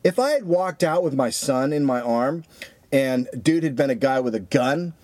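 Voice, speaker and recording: He has a medium-pitched voice, a moderate pace, and a dry recording. This podcast co-host delivers a story through casual, cursing chat, animated and acting out others' quotes.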